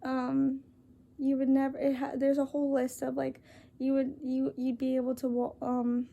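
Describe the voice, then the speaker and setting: Young woman, earnest vlog talk; high, mellow, gravelly tone, halting and apologetic. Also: completely flat delivery. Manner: apologetic, halting, many fillers and restarts; reads a list aloud. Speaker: vlogger. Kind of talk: earnest casual talk to camera.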